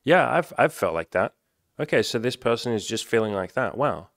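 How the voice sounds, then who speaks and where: A man's voice: medium pitch, lively intonation, moderate pace, fairly bright tone, no room sound, clean studio sound. A man talking as a coach in a candid self-help monologue, frank and reflective, swearing freely.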